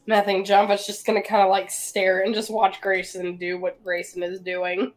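A woman's voice: mid-range voice, level tone, normal speed, faint music behind. A woman player in a tabletop game, talking casually and laughing easily. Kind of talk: casual tabletop role-play.

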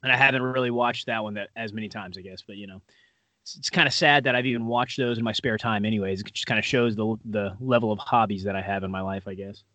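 A man's voice: fairly low pitch, fairly even intonation, fast talker, bright, forceful tone, no echo. A man co-hosting a podcast in casual, rambling chat, full of fillers and self-deprecating asides. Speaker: podcast co-host.

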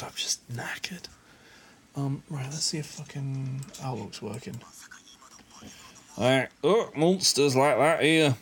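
A man swearing and muttering through casual commentary as he plays a game. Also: mid-range voice. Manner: sweary, animated, mutters under his breath. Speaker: gamer.

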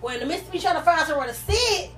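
A young woman telling a story in a casual chat, animated and profane, acting out what people said. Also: very high voice, rapid-fire, slight background noise. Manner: animated, profane, acts out quotes. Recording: echoey room.

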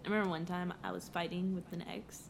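Profane, animated young woman storyteller. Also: lowish voice, quick pace, creaky, noisy background. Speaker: podcast co-host. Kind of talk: casual chat.

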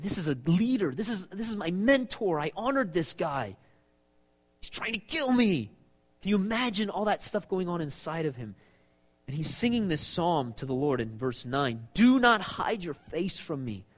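A man preaching a sermon, animated, stepping into quoted voices. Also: sits high. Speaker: pastor.

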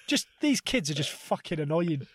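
A man in his thirties co-hosting a comedy podcast, telling animated stories and swearing freely. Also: fairly high pitch, moderate pace, husky, no echo. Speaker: podcast co-host. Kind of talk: casual comedic chat.

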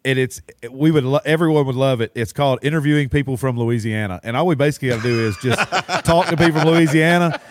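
A man co-hosting a live podcast, trading quick jokes in casual chat. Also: medium pitch, noisy background. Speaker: podcast co-host.

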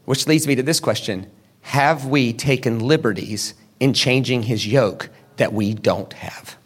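With a medium-pitched voice that has a breathy edge, this pastor preaches unhurriedly. He questions the congregation and supplies the answers himself, giving voice to the characters in his story.

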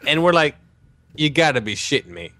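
A man hosting a casual podcast, telling a story with lots of swing in his pitch. His voice sits a little high for a man. The sound is close and dry, with no room around it. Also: a little fast, no room sound. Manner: animated, swearing, jokey anecdote-telling. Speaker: podcast host.

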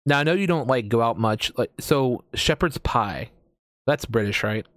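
A man's voice: medium pitch, expressive, moderate pace, a bit bright, dry recording, clean studio sound. An American man in casual chat as a host, rambling with lots of fillers and casual swearing. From United States.

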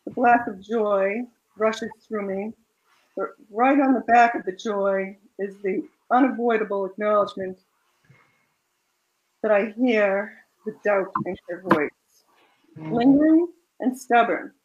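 Soft-spoken woman author on dull audio. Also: mid-range voice, measured pace. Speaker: romance author guest. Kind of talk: reading her own fiction aloud, then chatting about it.

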